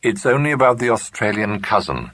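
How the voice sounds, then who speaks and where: A man's voice: fairly low pitch, very animated, a little fast, a bit bright, voice pushed up. A man voicing an eager, helpful young man speaking to his great-aunt. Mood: earnest. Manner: eager, accommodating. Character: young adult man, good-natured and helpful great-nephew.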